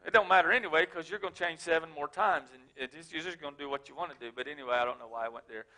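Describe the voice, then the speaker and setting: A man preaching a sermon as pastor, swinging from shouted emphasis to low, joking asides. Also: rapid-fire. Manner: casual, joking, speaks of his wife.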